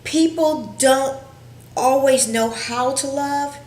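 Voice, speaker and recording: A woman counselor giving an earnest, reflective educational talk, pausing often with fillers. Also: sits high, a little mellow. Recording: roomy echo.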